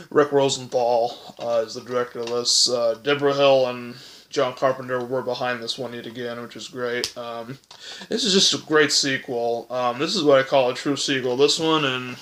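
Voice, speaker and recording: A young man with a bright, forward voice chats casually about films he loves. He rambles, stacks up fillers and keeps correcting himself, his voice cracking from hiccups. A faint hiss sits under the recording. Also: mid-range voice. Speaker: movie reviewer. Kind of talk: casual ranking chat.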